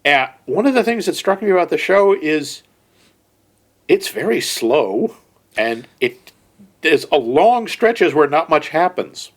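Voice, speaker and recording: A man co-hosting a movie podcast, making measured, wry remarks in casual chat. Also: a little high, sing-song. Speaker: podcast co-host.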